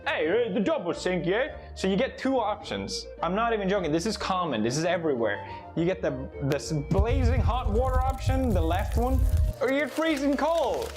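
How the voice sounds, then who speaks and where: A European man delivering a comedic, sarcastic rant full of swearing. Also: sits high. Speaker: comedy YouTuber.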